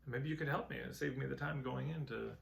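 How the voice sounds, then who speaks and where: A man's voice: medium pitch, fairly quick, gravelly. A man doing a sour, griping traveler. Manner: complaining, griping. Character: bitter male traveler, sour about everyone.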